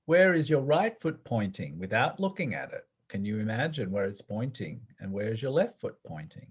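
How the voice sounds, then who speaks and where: A man teaching a guided movement class, giving gentle, playful instructions and often laughing. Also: on the low side, sing-song, moderate pace, husky, highs cut off.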